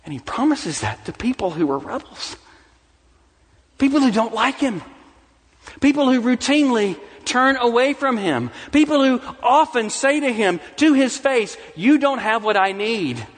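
A middle-aged man preaching a sermon as pastor, swinging from soft, low asides to rising, emphatic declarations. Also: sing-song, measured pace, big-room sound. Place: church sanctuary.

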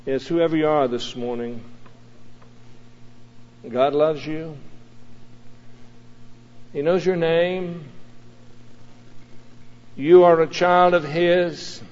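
Slow preacher in a reverberant hall. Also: male voice, fairly high pitch, darkish tone. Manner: slow and emphatic, drawn-out phrases. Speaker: pastor. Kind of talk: sermon with storytelling. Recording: dull sound, long hall reverb.

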